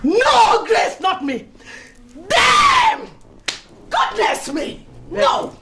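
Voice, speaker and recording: An actress with a Nigerian accent playing a proud, domineering society lady who rages and shouts at her rivals. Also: high voice, very animated, unhurried, background noise. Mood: furious. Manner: shouting, indignant, theatrical outbursts. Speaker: actor in a film. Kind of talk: melodramatic film acting. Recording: echoey room with music underneath.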